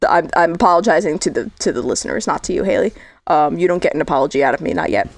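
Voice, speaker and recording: A woman's voice: deep voice, sing-song, rapid-fire. A woman co-hosting a podcast in casual chat, talkative and prone to laughing and going off on tangents. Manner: chatty, tangential, laughs often. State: losing her voice. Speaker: podcast co-host.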